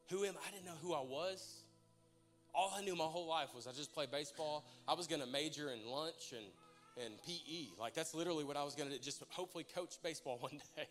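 A man's voice: a little high, fairly bright tone. A young man preaching, telling a personal story and praying, emotional and conversational with stumbling restarts. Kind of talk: sermon with personal testimony and prayer.

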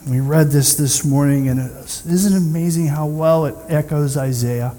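A man delivers a sermon from the front of a church, telling the story with animated energy. He slips into the voices of the people he quotes. His fairly high voice rings out through a hall with a long reverb. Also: moderate pace. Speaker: pastor.

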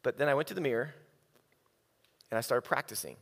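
A man's voice: medium pitch, a little fast, vocal fry, in a large hall. A man giving a humorous, self-mocking sermon, telling stories and acting out the quotes. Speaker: speaker.

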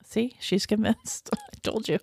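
A woman's voice: mid-range voice, fairly even intonation, a little slow, gravelly, darkish tone, husky, no room sound. A woman co-hosting a casual chat podcast about psychology, talking loosely, laughing often and trailing off into restarts. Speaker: podcast co-host. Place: small room, recorded together.

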